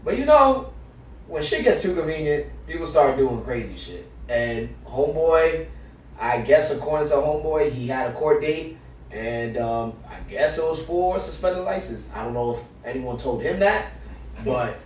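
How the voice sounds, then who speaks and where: A man's voice: on the high side, animated, moderate pace, far from the mic. A man co-hosts a podcast, telling a story in loose, profane slang. He sits back from the microphone in a strongly echoing room. A faint hum of room noise sits underneath. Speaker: podcast co-host. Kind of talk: casual chat.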